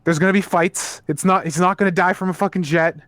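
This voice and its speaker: A man with a high voice rants through a casual podcast chat. His talk is animated and full of swearing. The recording is dry and close. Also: fast talker, dry recording. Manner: animated profane ranting. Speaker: podcast co-host.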